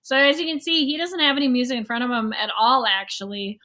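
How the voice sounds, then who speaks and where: Woman music teacher, slightly high voice, casual, chatty, hums examples. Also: fairly even intonation, quick pace, sharp tone. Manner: casual, explains with sung and counted rhythms. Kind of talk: recorded online music lesson.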